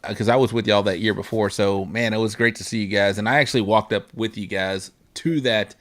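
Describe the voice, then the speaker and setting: A man's voice: on the low side, steady tone, fairly quick. Easygoing male talk show host. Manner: easygoing, gives shout-outs and asks questions. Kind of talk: casual interview chat.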